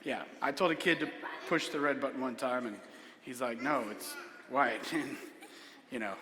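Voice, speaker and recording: A man's voice: mid-range voice, normal speed, pushed and bright. A man performing a comedic magic show in a church hall, playfully joking with and coaxing a child volunteer. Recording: echoey hall.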